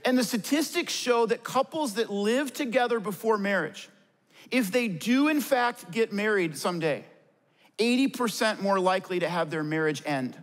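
A pastor with a notably high voice delivers an earnest sermon, asking questions and answering them himself. His words ring out through a large hall with a long, lingering reverb. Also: lively intonation, moderate pace. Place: church stage before a congregation.

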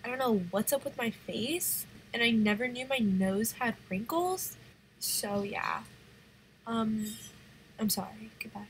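A nineteen-year-old woman speaks a soft voice-over while editing her video, her voice a touch high. She sounds hesitant and apologetic, filling gaps with "um", and a clear hiss sits under the noisy home recording. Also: measured pace. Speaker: vlogger.

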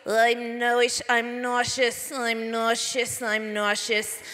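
A woman imitating a nervous, sweaty male cartoon turtle, whining and fretting over and over in a slow, lowered voice. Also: monotone, fairly bright tone, long reverb tail. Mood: queasy, fretful. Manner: whiny, fretful repetition.

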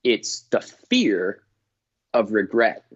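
A middle-aged man, a comedian guest, telling stories in casual chat, animated and swearing, acting out voices. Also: on the low side, very slow, slightly rough. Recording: dull lo-fi dry sound.

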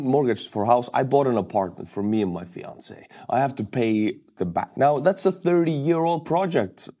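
Enthusiastic young guy from estonia chatting to camera, warm mellow voice, middle pitch. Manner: enthusiastic, animated, upbeat. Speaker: war news vlogger. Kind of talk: casual video commentary.

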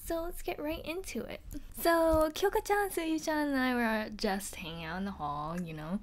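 Woman as a bubbly, giggly hero-school teen spinning a dorm story; high-ish voice, tons of "like.". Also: moderate pace, close to an everyday voice. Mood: chatty. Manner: giggly, chatty, fillers like "like" and "you know". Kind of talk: in-character storytelling vlog.

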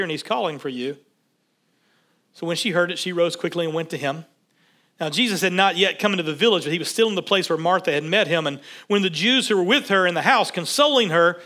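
A man preaching a sermon in a relaxed, conversational way, reading scripture aloud and stopping to comment on it. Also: high voice. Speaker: pastor.

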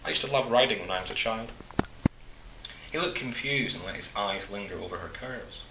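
Low-voiced man reading a story aloud. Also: reverberant, noisy background. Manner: calm, measured narration.

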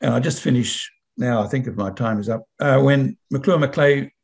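A man with a mid-pitched voice gives a measured conference presentation over a video call. He restarts a phrase now and then. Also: gravelly, darkish tone. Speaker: conference speaker.

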